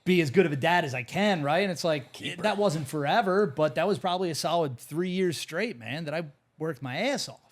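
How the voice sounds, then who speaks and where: Earnest man with a slightly high voice. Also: expressive, fairly quick, few pauses. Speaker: podcast guest. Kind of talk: casual podcast chat.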